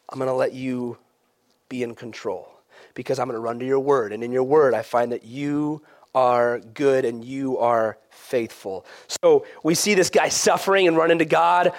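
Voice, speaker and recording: Brief: middle-aged male pastor, relaxed chatty sermon delivery, slightly higher voice, sudden hushed drops. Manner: conversational, swings between animated and quiet.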